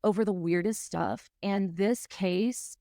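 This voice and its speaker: A woman's voice: medium pitch, steady tone, slow, mellow, no room sound, clean studio sound. A woman from South Mississippi, hosting a podcast in an earnest, emotional, enthusiastic way. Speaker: podcast host. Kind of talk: casual podcast chat.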